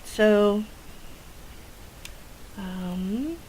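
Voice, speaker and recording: Chatty lady talking over her game, lots of ums, ordinary pitch. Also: very slow, a little mellow, a little hiss or hum, low-quality recording. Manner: chatty, rambling, with many fillers. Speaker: gameplay video host. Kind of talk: casual game commentary.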